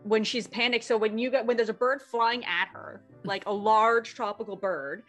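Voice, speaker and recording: A woman's voice: fairly high pitch, fairly even intonation, moderate pace, a bit bright, faint music behind. Woman with dry, teasing humor. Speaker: book club co-host. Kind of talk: casual group chat.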